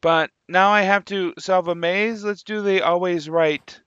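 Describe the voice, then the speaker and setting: Male gamer host, high bright voice, slow chatty play-along commentary, dull lo-fi mic. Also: fairly even intonation, smooth, no echo. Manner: chatty, muses aloud, jokey asides. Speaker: gaming channel host. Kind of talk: casual gameplay commentary.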